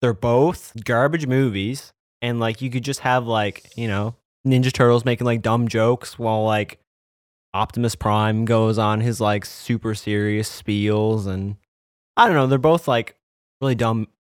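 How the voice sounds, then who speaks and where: Panelist, male, slow and rambling, dry close sound. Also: mid-range voice, steady tone, clean tone, no echo. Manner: rambling, heavy on filler words. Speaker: podcast panelist. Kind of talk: casual chat.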